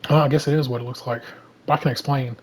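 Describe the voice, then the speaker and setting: A smooth-talking Cajun thief, read aloud by a man in a casual comic read-through. He speaks in a flat, steady Southern voice at a middle pitch, close to the reader's own. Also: quick pace, slight background noise, close to an everyday voice, rough recording. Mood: sheepish. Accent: Southern American. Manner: reads lines plainly in his own voice.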